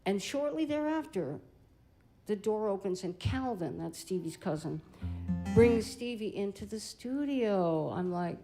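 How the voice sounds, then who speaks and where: An older woman, a blues singer and guitarist, telling an animated, chatty story between songs on a live-stream stage, laughing easily. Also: medium pitch, measured pace, soft background music, poor audio.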